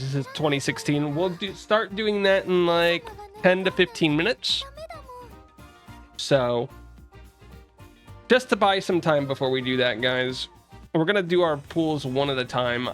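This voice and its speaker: A man's voice: fairly high pitch, a bit bright. A young man from the East Coast of the US streaming casually, chatting with viewers and reading out their messages. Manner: chatty, reads out chat and greets viewers. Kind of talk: casual livestream chat. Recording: faint music behind.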